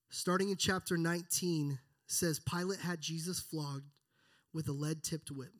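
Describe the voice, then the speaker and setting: A man preaching a sermon, speaking earnestly and reading scripture aloud with feeling. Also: a little high. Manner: earnest, builds then drops to hushed prayer.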